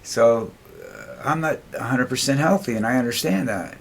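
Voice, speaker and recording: An older man vlogging in a rambling, halting, blunt way, who tires easily. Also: medium pitch, big pitch swings, gravelly, slight background noise. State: tires easily, dizzy after walking. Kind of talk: casual monologue.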